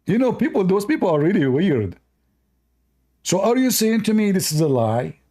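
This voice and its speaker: A man hosting a live-stream debate, talking in a mocking, animated way with loose, non-native English phrasing. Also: high-pitched, normal speed.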